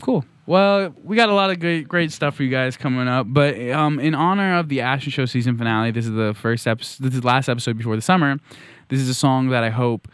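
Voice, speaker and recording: A man's voice: medium pitch, clean tone, dry recording. A man hosting a casual podcast, playful and joking, quizzing his guests. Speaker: podcast host. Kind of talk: casual chat.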